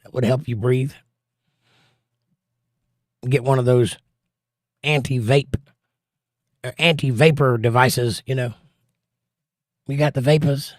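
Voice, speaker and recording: A middle-aged man hosts a casual live stream, reading viewer comments aloud and firing back wry, teasing remarks. His voice sits at an ordinary middle pitch. The sound is close and dry, with no room echo. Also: fairly even intonation, slow pace, long pauses. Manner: wry, teasing chat banter. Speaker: livestream host reading chat.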